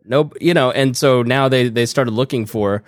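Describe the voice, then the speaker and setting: A man's voice: mid-range voice, moderate pace, no echo, clean studio sound. A man co-hosting a casual podcast chat, rambling and self-interrupting in a playful way. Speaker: podcast co-host.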